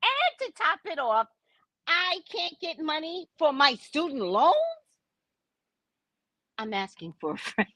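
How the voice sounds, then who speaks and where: A woman with a high voice speaks slowly and pauses often, with no room sound in the recording. A psychic reader and spiritual adviser, she rants casually to camera about her opinions, blunt and profane, animated and exclamatory, laughing often and making asides to the viewer.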